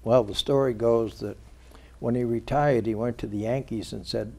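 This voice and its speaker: Gravelly, husky male publisher telling stories. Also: mid-range voice, fairly even intonation, normal speed, dark tone. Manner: storyteller who recounts conversations by quoting others. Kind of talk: interview conversation, telling anecdotes. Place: local TV studio.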